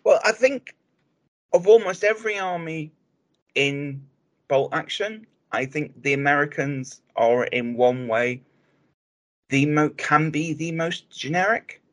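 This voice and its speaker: A man co-hosting a hobby podcast, speaking in a measured, explanatory way with frequent restarts. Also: on the high side, a bit bright. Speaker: podcast co-host. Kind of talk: casual chat.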